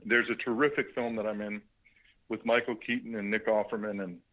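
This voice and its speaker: Middle-aged male guest on a phone line. Lowish, chatty, halting, with muffled sound. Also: flat delivery. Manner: chatty, halting, with many fillers. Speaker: actor guest. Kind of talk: phone interview on a radio show.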